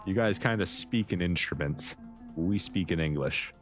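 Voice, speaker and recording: Joking low-voiced male game streamer. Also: moderate pace, soft background music. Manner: joking, chatty, teasing the characters. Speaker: livestreaming gamer. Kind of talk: live gameplay commentary.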